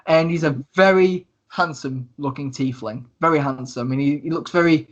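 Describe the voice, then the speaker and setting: A man's voice: on the high side, moderate pace. Man narrating as game master, lo-fi. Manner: descriptive, hesitant with many fillers.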